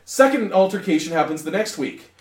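A man's voice: sits high, lively intonation, a little fast. Laughing, profane man telling a story. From Ireland. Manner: profane, laughs often while telling stories. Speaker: podcast co-host. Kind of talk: casual storytelling chat. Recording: echoey room with laughing group.

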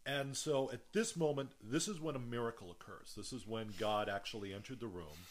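A man telling a wild story in casual chat, animated and profane, laughing often and acting out voices. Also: mid-range voice, a little fast, slight background noise.

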